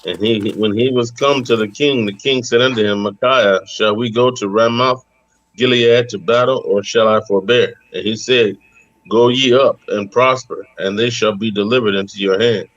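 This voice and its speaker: A man reading scripture aloud at a steady, measured pace in a bible study. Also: on the low side, no room sound, highs cut off. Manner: steady, measured reading of old-style text. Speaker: scripture reader.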